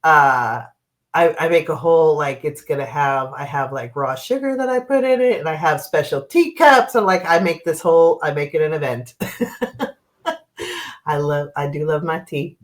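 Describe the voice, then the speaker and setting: A woman's voice: low voice, lively intonation, measured pace. A middle-aged woman from Oregon, a card and dowsing reader, chatting casually on a livestream in a rambling way and laughing often. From Oregon, US West Coast.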